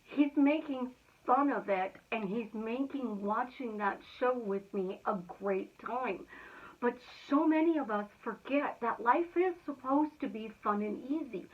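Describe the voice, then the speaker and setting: A woman giving an energetic, emphatic motivational talk in a chatty way. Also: fairly high pitch. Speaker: motivational speaker. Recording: tinny phone-like sound.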